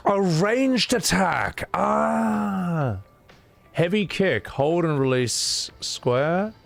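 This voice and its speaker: A young man streaming his first playthrough of a game, excitable, laughing and swearing as he reacts. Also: sits high, drawn-out words, gravelly. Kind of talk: gaming let's-play commentary. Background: faint game music.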